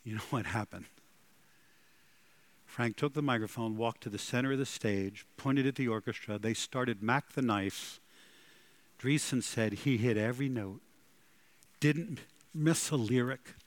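A pastor preaches a sermon, telling stories dramatically and swinging between loud and hushed delivery. His voice is medium-pitched and a little slow, with frequent pauses and no echo.

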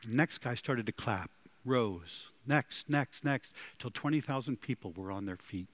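A man preaching a sermon, telling stories dramatically and swinging between loud and hushed delivery. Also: mid-range voice, lively intonation, measured pace, slight background noise. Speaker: pastor.

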